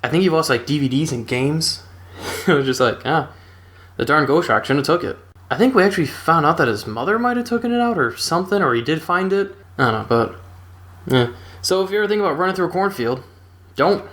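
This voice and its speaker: A man's voice: on the high side, expressive, fairly quick, fairly bright tone. A young man casually retelling a funny personal story in a laid-back, rambling way, chuckling now and then.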